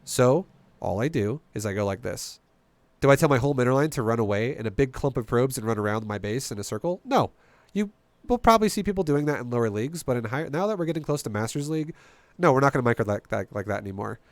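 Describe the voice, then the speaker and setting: A man's voice: mid-range voice, expressive, quick pace, dry recording. A man streaming and coaching a strategy game, talking bluntly and emphatically, swearing freely and firing off rhetorical questions.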